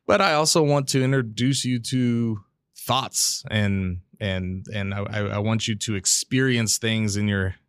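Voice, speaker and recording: Candid rambling man, low voice. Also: a little slow, smooth, no room sound. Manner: rambling, candid, swears freely, stammers on restarts. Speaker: podcast host. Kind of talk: casual solo podcast talk. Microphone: studio mic with pop filter.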